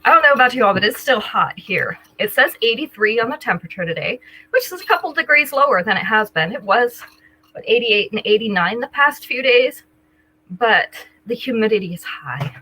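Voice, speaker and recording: An older woman hosts a live sale in a casual, chatty way, greeting viewers by name as she describes jewelry. Her voice sits a little high, with a bright, husky edge. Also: lively intonation, a little fast, rough recording. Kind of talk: casual live-stream selling chat.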